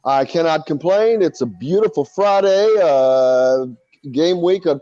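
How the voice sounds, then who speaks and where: Relaxed male sports radio host. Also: a little high, unhurried, no room sound, dull audio. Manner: loose, rambling, many filler sounds. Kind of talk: casual sports radio chat.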